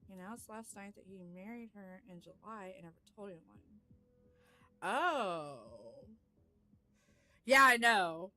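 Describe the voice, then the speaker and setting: A woman streamer giving live gameplay commentary, excitable and quick to shriek and laugh, repeating "hold up" and "girl". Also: medium pitch.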